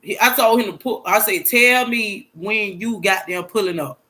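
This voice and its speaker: A woman's voice: mid-range voice, moderate pace. Young woman telling a blunt, profane story. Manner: blunt, profane, repetitive retelling with loud exclaimed quotes. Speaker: storytime vlogger. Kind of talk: emotional storytime monologue.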